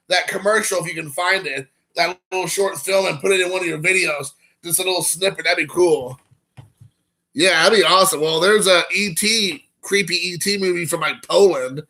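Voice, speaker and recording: Guy rambling and joking with his stream chat, gravelly voice, sharp bright tone. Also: sits high. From Kentucky. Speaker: live stream host. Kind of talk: casual live-stream chat with viewers.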